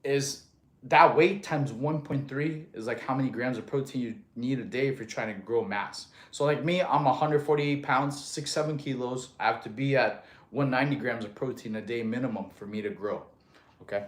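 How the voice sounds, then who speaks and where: A man's voice: mid-range voice, normal speed. A man in his thirties from Russia, streaming live as a fitness coach and chatting through viewer comments, a little out of breath after exercise. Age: 30s. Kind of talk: casual livestream chat.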